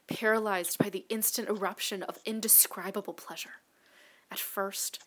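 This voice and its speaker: Woman narrating an erotic story in a whisper. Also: mid-range voice. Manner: hushed, breathy, intimate delivery.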